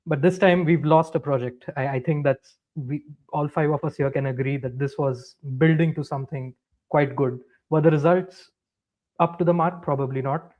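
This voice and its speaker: A man joining a football show call, speaking in a measured, reflective way with hesitant fillers. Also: fairly high pitch, steady tone. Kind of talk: casual discussion. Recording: dull lo-fi call audio.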